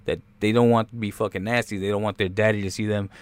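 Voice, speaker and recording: A man's voice: fairly low pitch, little pitch movement, quick pace, no echo. A man doing crude, rambling comedic commentary over a movie trailer, cursing constantly and slipping into impressions. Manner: profane, rambling, jumps into impressions.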